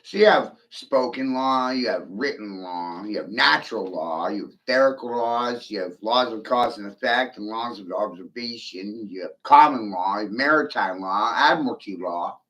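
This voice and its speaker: A man's voice: lowish voice, moderate pace, few pauses, fairly bright tone. A man giving an angry, profane monologue, swearing often and taunting his silent listeners.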